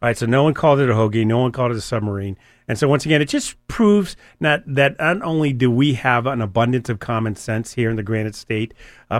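A man's voice: mid-range voice, no room sound, studio quality. A man hosting a talk radio show, chatty and joking, with many fillers and restarts. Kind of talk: casual talk radio chat.

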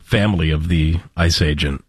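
A man's voice: rumbling low, normal speed, husky, no echo, studio quality. A man chiming in as co-host on a talk show, matter-of-fact and conversational. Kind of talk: casual talk show chat.

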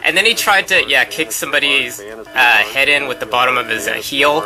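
A man's voice: medium pitch, normal speed, rough recording. A man from Los Angeles, a regular on a sports talk show, casually telling a fan story with frequent "uh" fillers.

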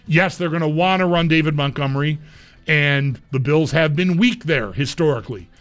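Sports radio host talking through picks. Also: male voice, fairly high pitch, moderate pace, fairly bright tone, faint music behind. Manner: conversational, mulling picks aloud.

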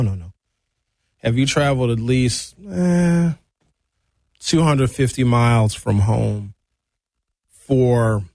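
A man hosting a talk radio show, chatting casually to listeners with lively slangy asides, from a studio mic. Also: medium pitch, vocal fry, no echo.

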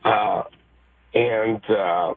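A man from New York calls in to a radio show, his voice hoarse, gravelly and raspy. He comes through a thin, tinny phone line, excited and emotional, stumbling over his words with plenty of fillers. The line is dry and close. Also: on the low side, extremely slow. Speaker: caller. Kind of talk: radio call-in.

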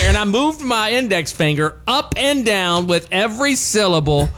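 A man co-hosting a radio show, telling a story in casual banter, animated and laughing often. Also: high voice, normal speed, hardly any pauses, slight background noise.

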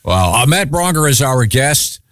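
A man hosting a radio show, introducing the guest and reading out event listings in a lively way. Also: mid-range voice, unhurried, no echo, studio quality. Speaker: radio host.

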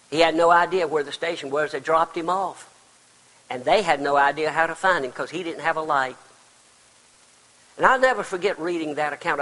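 An older man delivers a sermon in a church sanctuary. His voice is bright and forceful and a little high for a man. Long reverb from the hall trails behind him as he swings from loud cries to hushed passages. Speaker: pastor.

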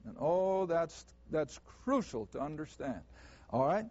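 A man leads a Bible class, working through verses at a slow, deliberate pace. His voice sits fairly high, and he stresses the words he wants the class to catch. The recording sounds dull and lo-fi. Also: big pitch swings, a little mellow. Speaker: Bible teacher.

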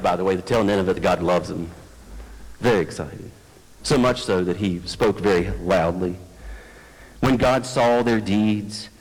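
A man preaching a sermon as pastor, conversational and self-deprecating, addressing his congregation. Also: deep voice. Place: church sanctuary. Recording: long church hall reverb.

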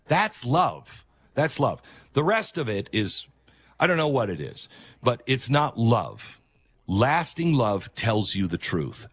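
A man's voice: mid-range voice, big pitch swings, slow. A man hosting a talk show, delivering an emphatic opinion monologue and repeating his key phrases for weight.

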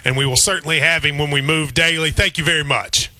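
Bright high-voiced radio sports host. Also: male voice, moderate pace, hardly any pauses, no room sound, faint music behind.

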